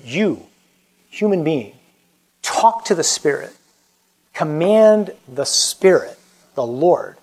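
A man who is a Catholic priest, giving an earnest, emphatic and informal talk that moves into a prayer. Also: mid-range voice. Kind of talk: conversational preaching and prayer.

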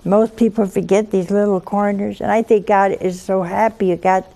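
A woman giving a Catholic homily, telling conversational stories with gentle humor. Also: mid-range voice, steady tone, normal speed, gravelly. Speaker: Catholic religious speaker. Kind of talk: homily with anecdotes.

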